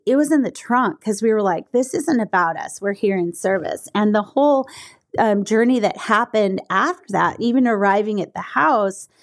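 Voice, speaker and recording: A middle-aged woman hosting a podcast, telling a personal story earnestly, with many fillers and restarts. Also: fairly high pitch. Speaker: podcast host.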